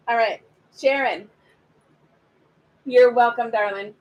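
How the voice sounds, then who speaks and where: This spiritual reader's slightly high voice has lively intonation and a moderate pace broken by long pauses. She chats affectionately with her livestream audience during card readings, calling them pet names and speaking straight to them, over a rough recording.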